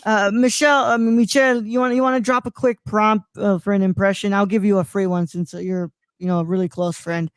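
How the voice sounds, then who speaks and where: A man's voice: high voice, flat delivery, fast, few pauses, clean tone, no room sound. A man hosting a live online show, rambling and stalling with lots of restarts, on a close microphone. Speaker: host. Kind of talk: casual live-stream chat.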